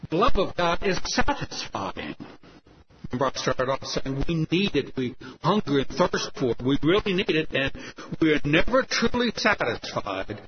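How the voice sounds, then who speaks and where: A male preacher giving a radio sermon, emphatic and earnest, often dropping to a soft, tender hush, on a lo-fi broadcast recording with hiss. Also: medium pitch.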